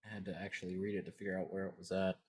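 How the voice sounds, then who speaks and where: A man's voice: deep voice, little pitch movement, very fast, a little mellow, husky. A man playing a tabletop fantasy game over a voice call, explaining his spell and dice rolls. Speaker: player. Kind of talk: casual tabletop game play.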